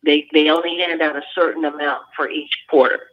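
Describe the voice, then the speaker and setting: A woman's voice: low-pitched, steady tone, a little fast, muffled recording. A woman veteran from California, speaking as a guest on a talk show in earnest bursts, often restarting her sentences. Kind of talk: phone-in talk show interview.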